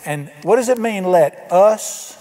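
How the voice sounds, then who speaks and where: Older pastor, emphatic folksy sermon delivery, slightly high voice, church reverb. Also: male voice, lively intonation, slow pace, mellow. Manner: folksy, emphatic, asks the congregation questions. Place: church sanctuary.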